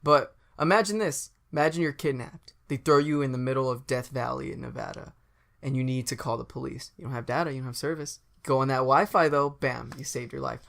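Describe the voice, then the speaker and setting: Gravelly-voiced male podcast co-host. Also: medium pitch, a little fast, a bit bright. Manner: rambling, laughing, acts out bits in put-on voices. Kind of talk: casual chat.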